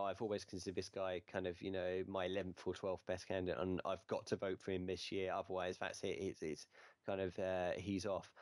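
Deep, flat-voiced man. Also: no room sound. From United Kingdom. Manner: hesitant, full of fillers and hedging words. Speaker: podcast guest, wrestling writer. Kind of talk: podcast interview answers.

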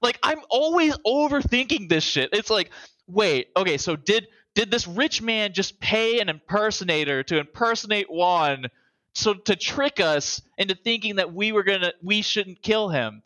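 A man co-hosting a casual chat, telling rambling, animated stories and overthinking things aloud. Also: high-pitched, normal speed, dry recording.

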